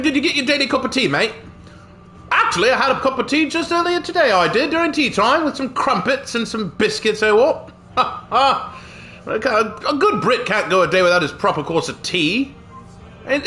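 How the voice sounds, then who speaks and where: A man streams a game while hamming up a put-on British accent and chuckling at his own jokes. His voice sits high and swoops widely between phrases. The sound is bright, with faint game music behind him. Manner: chuckles often, jokey tags. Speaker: gaming streamer. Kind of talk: casual gameplay commentary.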